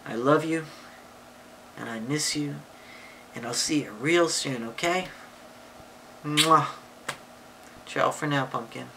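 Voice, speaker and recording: A woman reading a picture book aloud to a child and explaining punctuation, patient and affectionate, with sudden high excited voices for exclamations. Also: unhurried, long pauses, slight background noise, rough recording. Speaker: parent or relative reading to a child.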